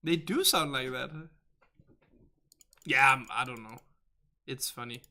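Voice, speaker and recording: A man's voice: medium pitch, slow pace, sharp tone. A young man with a Danish accent, hosting a game livestream and chatting casually with viewers in English, his second language, often restarting and asking how to say words. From Denmark. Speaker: livestream host. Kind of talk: casual chat reading viewer comments.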